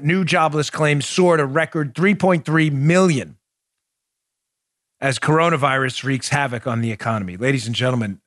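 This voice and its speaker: A man's voice: mid-range voice, fairly bright tone, no room sound, clean studio sound. A man hosting a political podcast, talking emphatically and building to heated, repetitive points. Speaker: podcast host. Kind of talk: political commentary.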